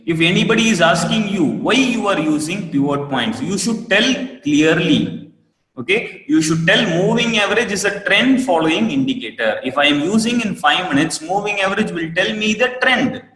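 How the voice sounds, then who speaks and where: A man with an Indian English accent teaching a live online trading class, repeating each point and asking students for a quick yes. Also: high-pitched, fairly bright tone. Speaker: trading course instructor. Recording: roomy echo with long reverb.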